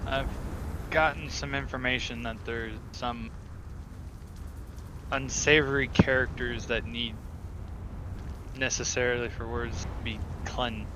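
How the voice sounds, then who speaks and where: A game master voicing a secretive male desert wanderer, speaking low, slow and guarded. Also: steady tone, noisy background, close to an everyday voice.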